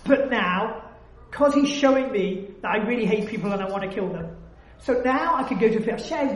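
A woman's voice: a little high, expressive, normal speed, slight background noise. Emphatic woman teaching in an echoey room. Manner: emphatic, acts out heartfelt prayers. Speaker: religious teacher. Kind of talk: Torah study discussion.

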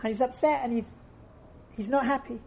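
A woman's voice: fairly high pitch, steady tone, fairly quick, gravelly, dark tone, husky. A woman giving an earnest faith lesson, telling stories and repeating phrases for emphasis. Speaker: religious teacher.

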